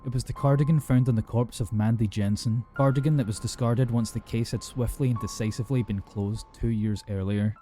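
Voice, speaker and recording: A man narrates a horror story in a grave, measured, scripted style. His voice is dark and mellow at a middling pitch, with faint music playing underneath. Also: fairly even intonation.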